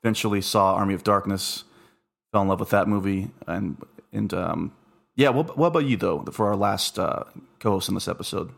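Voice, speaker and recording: A man's voice: sits low, brisk, vocal fry. A man hosting a casual podcast, easygoing and teasing as he steers the talk. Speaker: podcast host.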